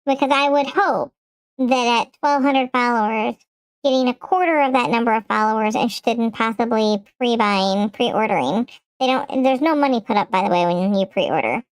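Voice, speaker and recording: A woman's voice: a little high, normal speed, clean tone, no echo. Michigan-accent lady streaming a game, rambly chatter to chat, dry close mic. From Michigan, USA. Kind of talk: casual live-stream chat.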